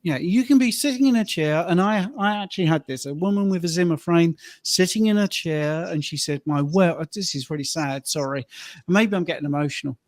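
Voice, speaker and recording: A man hosting a casual podcast chat and telling stories, lively when quoting people. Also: sits high, fairly quick, few pauses, dry recording. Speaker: host and fitness coach. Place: his own training and rehab room.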